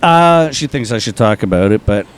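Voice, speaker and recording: A man on a podcast as a guest, chatting casually and telling stories in an animated, excitable way. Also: mid-range voice, smooth. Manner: animated storyteller, quick and excitable. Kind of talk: casual chat.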